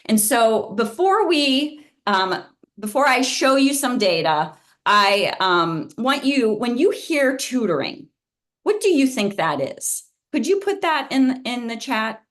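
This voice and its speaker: A woman's voice: on the high side, slow. A woman guest speaker, a psychology professor, giving an informal lunch talk over a video call, telling stories animatedly and restarting her sentences often. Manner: animated storytelling, many restarts.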